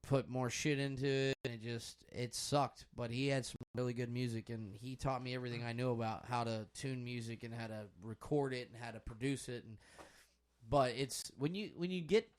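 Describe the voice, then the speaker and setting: A man's voice: mid-range voice, fairly even intonation, moderate pace. A young man hosting a podcast, chatting casually and swearing loosely while he watches a basketball game. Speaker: podcast host.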